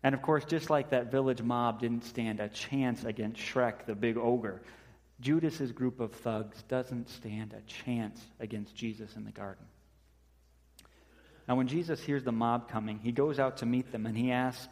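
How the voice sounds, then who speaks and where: A male pastor delivers a sermon, moving from scripture reading into lively storytelling. He acts out the quotes he tells. His mid-pitched voice carries a long reverb, as if heard in a large church hall. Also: measured pace.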